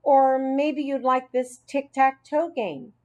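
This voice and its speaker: A gruff, pushy schoolboy from a children's storybook, as a woman reader puts him on. He barks short orders in a rough voice. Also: high voice, steady tone, slow pace, darkish tone, highs cut off, pitched above the performer's own voice. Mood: awkward.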